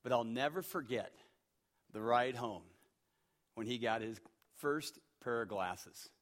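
A middle-aged male pastor preaching a sermon, emphatic, swinging from hushed tones to shouts. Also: mid-range voice, slow pace.

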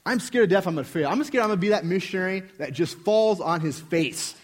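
A man's voice: sits high, lively intonation, quick pace. A young man preaching a sermon, telling a personal story earnestly with frequent restarts. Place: church sanctuary.

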